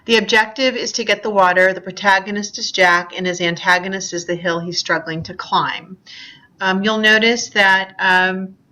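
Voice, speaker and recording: A woman's voice: mid-range voice, fairly even intonation, normal speed, bright, forceful tone. A woman teaching an English class in a recorded online lecture, talking casually with frequent ums and small apologies. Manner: chatty, self-deprecating, many ums. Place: screen recording at a computer.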